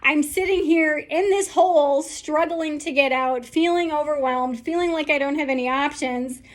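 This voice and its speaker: A woman voicing a donkey stuck in a well, gasping and exclaiming in giddy excitement. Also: sits high, normal speed, close to an everyday voice. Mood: excited.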